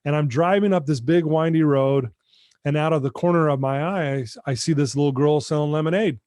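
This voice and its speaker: An addiction recovery mentor, middle-aged, joins a podcast interview by video call and tells the host his recovery story in an earnest, heartfelt way. His slightly high voice moves fairly quickly and sounds a little mellow, in a dry, studio-quality recording.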